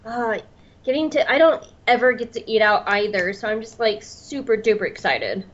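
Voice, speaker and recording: A woman's voice: fairly high pitch, moderate pace, lo-fi sound. Bubbly Southern woman podcaster. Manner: bubbly, excitable, many "like"s. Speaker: podcast co-host. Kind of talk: casual podcast chat.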